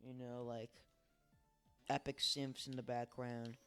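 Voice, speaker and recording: A man's voice: medium pitch, flat delivery, takes it slowly, a bit bright, clean tone, faint music behind. A tired man giving casual, rambling, self-deprecating commentary while playing a game at his home setup on a desk microphone. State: tired, early morning. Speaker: let's play host.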